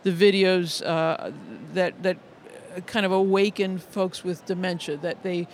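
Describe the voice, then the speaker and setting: A middle-aged man with a notably high-pitched speaking voice, talking as a music educator in an interview. He tells stories earnestly, often restarting and repeating words. Faint noise hums behind him. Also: flat delivery, measured pace. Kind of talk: conversational interview storytelling.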